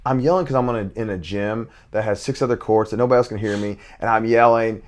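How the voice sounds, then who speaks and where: A man's voice: medium pitch, a little fast, few pauses, a little hiss or hum. A middle-aged man, a basketball coach and father, talking intensely in casual conversation with many restarts.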